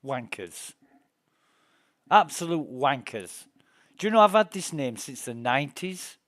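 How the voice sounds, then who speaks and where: A man's voice: mid-range voice, sing-song, a little slow, fairly bright tone, no echo, studio quality. A middle-aged man, streaming a space game and telling rambling, profane, indignant stories. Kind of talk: casual gameplay chat and storytelling.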